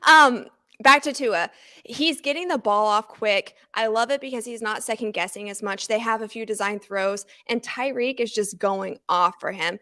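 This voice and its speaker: Young female podcast co-host, slight lisp, eager, middle pitch. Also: normal speed, few pauses. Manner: excitable, laughs easily. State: slight lisp from a sore, burned tongue. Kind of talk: casual sports talk.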